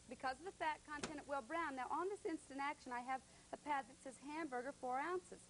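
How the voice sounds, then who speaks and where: A woman's voice: high voice, a little fast, rough recording. A woman co-hosting a shopping channel, upbeat and explaining a product step by step. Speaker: co-host and product demonstrator.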